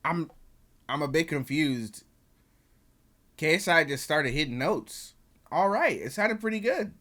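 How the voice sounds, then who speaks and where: A man's voice: fairly high pitch, lively intonation, measured pace, pushed and bright. A young man casually reviewing an album as he reacts to it, slangy and profane, with chatty asides to his viewers.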